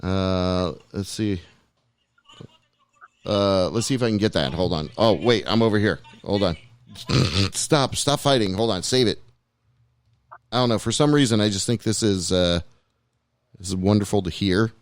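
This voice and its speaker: A man's voice: lowish voice, a little slow, pauses often. A man hosting a podcast alone in the studio, chatting casually and rambling while he plays clips. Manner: loose, rambling, self-deprecating. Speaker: podcast host. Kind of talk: casual talk show chat. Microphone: studio mic.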